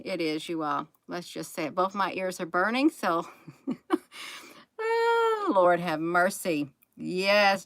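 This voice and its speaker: Woman, tired, folksy and repetitive, somewhat low voice, dry close recording. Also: fairly bright tone, no echo, low-quality recording. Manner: folksy, repeats phrases, calls viewers "you all". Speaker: channel host. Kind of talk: late-night livestream monologue.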